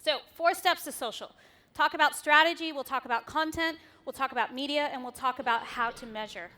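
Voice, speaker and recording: Woman, 30s, keynote speaker, bright voice, wry and candid with casual swearing. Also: high voice, a little fast. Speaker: conference speaker. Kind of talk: keynote talk with slides. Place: conference stage.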